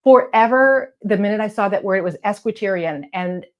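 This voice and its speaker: Woman, middle pitch, chatty, blunt, encouraging, coaching talk, some letters not crisp, office. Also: fairly quick, dull audio. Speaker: real estate video coach. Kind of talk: casual advice talk to camera. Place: home office lit by lamps.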